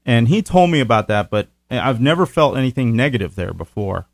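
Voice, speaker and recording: A man hosting a casual chat about paranormal investigations, relaxed and rambling. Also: medium pitch, brisk, no room sound. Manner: relaxed, rambling, with many fillers.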